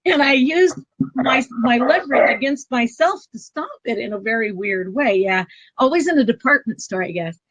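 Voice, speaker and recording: Animated middle-aged woman telling a story. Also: fairly high pitch, moderate pace, dull audio. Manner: animated, acts out quoted speech with sudden loud outbursts. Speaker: guest. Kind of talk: conversational storytelling. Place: travel trailer.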